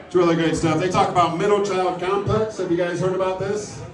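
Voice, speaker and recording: Picked up by a distant mic in a roomy club, a middle-aged comic works a live crowd that keeps laughing. He has a high voice with a steady tone and a fairly quick pace, and his material is dry, self-deprecating and profane.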